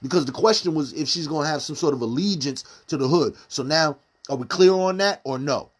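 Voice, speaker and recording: A community commentator with a slightly high voice talks briskly during casual live-stream commentary. He fires off rhetorical questions in street slang.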